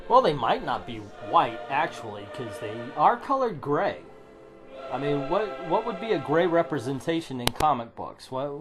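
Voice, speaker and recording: A middle-aged man reviewing a comic book, sarcastic and ranting, swearing now and then. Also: mid-range voice. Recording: music playing under the voice. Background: background music.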